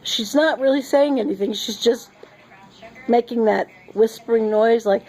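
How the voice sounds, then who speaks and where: A woman's voice: fairly high pitch, a little slow, warm tone, low-quality recording. A middle-aged woman, sick and short of breath, rambling giddily and laughing in a casual monologue at home. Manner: giddy and rambling, laughing often. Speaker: vlogger. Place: sitting at home.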